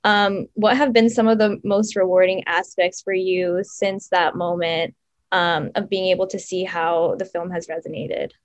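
A woman moderates a film Q&A and asks polite, prepared questions. Her voice stays level and flat. It sounds dry and close to the mic. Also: fairly low pitch, unhurried, no echo. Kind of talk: interview questions.

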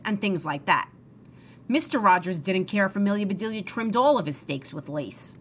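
A woman's voice: mid-range voice, lively intonation, normal speed, fairly bright tone, slight background noise. A woman reading a children's book aloud expressively and talking to young listeners. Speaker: storybook reader.

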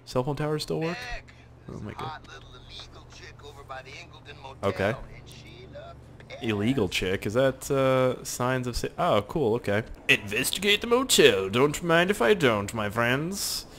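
A young man giving let's play commentary, excitable and profane, yelling at the game. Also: mid-range voice, unhurried, long pauses, a little hiss or hum. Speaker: gaming youtuber.

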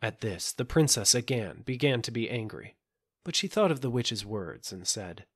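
A man narrating a fairy tale audiobook in a measured, gentle storytelling manner. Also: mid-range voice, expressive, slightly rough. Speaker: audiobook reader.

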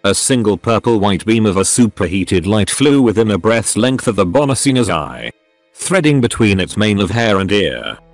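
A synthetic male voice narrating a story in a steady reading manner. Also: on the low side, normal speed, no echo, soft background music.

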